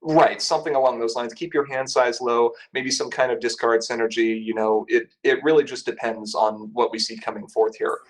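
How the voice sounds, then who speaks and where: A man's voice: medium pitch, steady tone, normal speed, few pauses, low-quality recording. A man co-hosting a casual card game podcast, analysing and speculating. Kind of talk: casual panel discussion.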